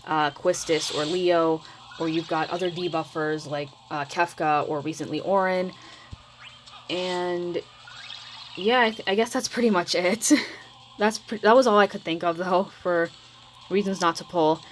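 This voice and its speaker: A woman's voice: on the low side, moderate pace, slight background noise, low-quality recording. A woman giving casual, hesitant gameplay commentary for her channel, trailing off and calling herself mumbly. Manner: rambling, hesitant, self-admittedly mumbling. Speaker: mobile game video creator.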